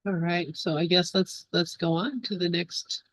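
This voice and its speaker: A woman's voice: on the low side, steady tone, moderate pace, no room sound. A woman leading an online reading group, inviting the others to speak and read. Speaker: group facilitator. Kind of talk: hosting a discussion.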